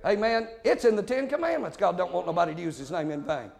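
High-pitched, gravelly preacher man. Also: sing-song. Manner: shouting, rapid-fire with frequent amens. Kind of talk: fiery Pentecostal-style sermon.

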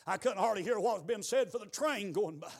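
A man preaching a revival sermon in a church, moving between quiet storytelling and shouted exhortation. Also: high-pitched, animated, brisk, gravelly. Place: church building.

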